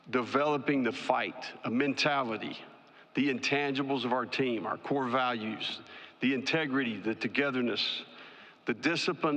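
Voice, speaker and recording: A man, a college football head coach, giving prepared press conference remarks in a measured, emphatic, list-like way. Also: medium pitch, a bit bright. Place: large media day ballroom. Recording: long reverb in a large hall.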